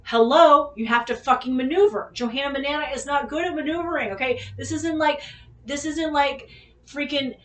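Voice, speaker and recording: A woman from the Bay Area tells a rambling personal story to her viewers, swearing freely and full of animation. Her voice sits a little on the high side. She is heard from some distance in an echoey room. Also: moderate pace. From California Bay Area. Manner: profane, animated, addresses viewers directly. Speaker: vlog host. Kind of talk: casual storytelling.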